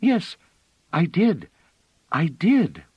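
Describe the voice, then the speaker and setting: A man voicing an excitable little girl who talks eagerly and breathlessly in a storybook reading. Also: a little high, drawn-out words, husky, no room sound, muffled recording, pitched above the performer's own voice, heavily acted. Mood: excited.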